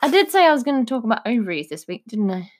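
A woman's voice: fairly high pitch, big pitch swings, fast. Dry-witted woman podcast co-host. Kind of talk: casual chat.

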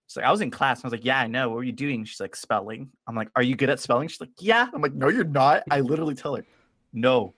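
A man's voice: mid-range voice, racing, fairly bright tone, no echo, clean studio sound. A young man co-hosting a podcast, telling a story in casual chat and acting out both sides of the dialogue. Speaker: podcast co-host.

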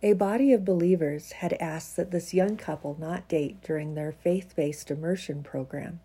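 A woman's voice: lowish voice, breathy edge. A woman with a congested, stuffy voice chats casually, then reads her own reflective piece in an earnest way. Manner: warm, earnest, chuckles often. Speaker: vlogger reading her own writing.

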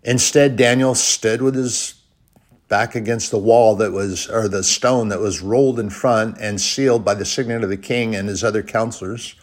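A man preaching a sermon, retelling a Bible story and reading scripture aloud, rising to loud bursts and dropping to quiet, slow lines. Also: lowish voice, steady tone. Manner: reads scripture in old-fashioned phrasing.

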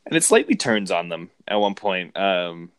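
A man casually discussing a movie, rambling and animated. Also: low voice, normal speed, clear, resonant tone, no echo. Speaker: film podcast co-host.

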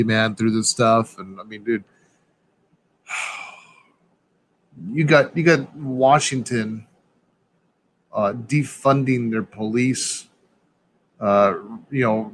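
An excitable man rambling through a casual podcast chat, stumbling over restarts and calling everyone dude. His voice is mid-pitched and easygoing.

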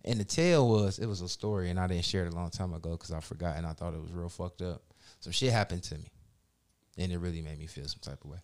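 A man's voice: deep voice, fast. A man in casual chat, telling a story with a lot of swearing and acting out other people's lines. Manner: profane, animated storyteller acting out quotes.

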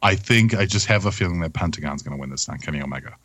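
Low-voiced, lively man on a podcast. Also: racing, no room sound. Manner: loose and profane, laughs easily. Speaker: podcast co-host. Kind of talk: casual wrestling chat.

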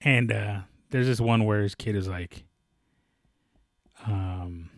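A man's voice: lowish voice, moderate pace, no echo. Rambling man, dry close sound. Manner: rambling, many fillers and self-corrections. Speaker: fight commentator. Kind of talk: casual sports chat.

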